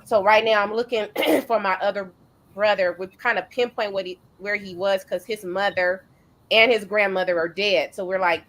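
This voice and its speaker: A middle-aged woman hosting a casual chat, telling family stories in a relaxed way with fillers and restarts. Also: mid-range voice, normal speed. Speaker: host.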